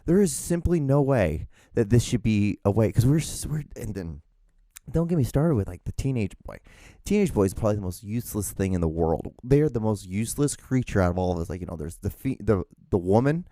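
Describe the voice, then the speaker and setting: Rambling, self-mocking man with a dark tone. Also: mid-range voice, no echo, studio quality. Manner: rambling, self-deprecating, swears freely, acts out both sides of conversations. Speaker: podcast host. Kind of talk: solo rambling monologue.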